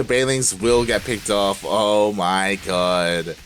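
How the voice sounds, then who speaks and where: Excitable male game caster. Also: on the low side, slow, few pauses, soft background music. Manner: excitable, swings from calm play-by-play to loud shouting; laughs often and uses casual slang. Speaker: esports caster. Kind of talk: live game commentary.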